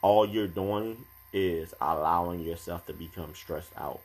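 A young man co-hosting a casual podcast chat, talking in a calm, measured, advice-giving way. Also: low-pitched.

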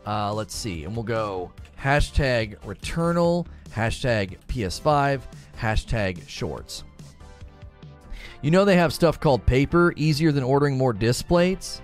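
Livestream host, man, thirties, rambly and excitable, a bit higher-pitched than most. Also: a little slow, faint music behind. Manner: excitable, rambling, repeats himself. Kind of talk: casual livestream chat.

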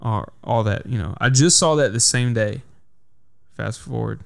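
男性播客主持人，粗口连篇地讲故事. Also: male voice, medium pitch, unhurried, creaky. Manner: profane, heated storytelling. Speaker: podcast host. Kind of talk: casual podcast chat.

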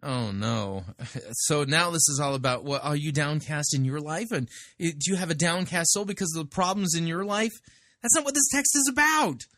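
A man's voice: on the high side, normal speed, fairly bright tone, no room sound. Guy critiquing a sermon, dismissive and sarcastic, very dry mic. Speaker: podcast host critiquing sermons. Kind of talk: casual commentary.

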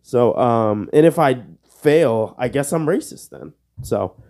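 A man's voice: medium pitch, expressive, slow pace, mellow. A young man hosting a casual solo podcast, joking and self-mocking, swearing under his breath while he plays a quiz. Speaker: podcast host.

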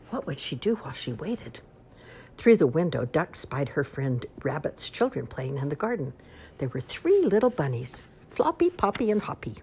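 Low-voiced woman reading a storybook aloud. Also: a little hiss or hum. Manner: expressive, sing-song reading. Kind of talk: children's storybook read-aloud.

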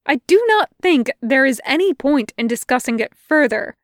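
A woman's voice: sits high, lively intonation, moderate pace, no echo, studio quality. A woman voicing an anxious, fussy male angel who stutters and pleads. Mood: flustered.

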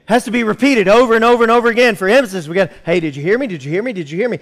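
Male pastor, sermon, slightly high voice, emphatic delivery, long church reverb. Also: racing, hardly any pauses, fairly bright tone. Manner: preaching with rising emphasis and calls to the congregation. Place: church sanctuary.

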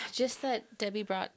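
A woman's voice: medium pitch, pushed and bright, slight background noise. Female podcast co-host, mid-range voice, audible lip smacking, agreeable. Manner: smacks her lips a lot, agrees often. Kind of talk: casual podcast chat.

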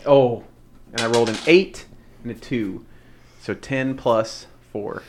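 A man narrating a tabletop role-playing game as game master, relaxed and halting, with many fillers. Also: mid-range voice, background noise.

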